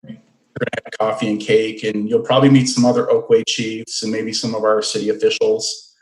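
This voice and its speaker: A middle-aged man, a fire chief, giving an unhurried, earnest safety report at a city meeting. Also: fairly low pitch, flat delivery, a little mellow. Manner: plain-spoken, earnest, unhurried. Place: council meeting room. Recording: echoey meeting room.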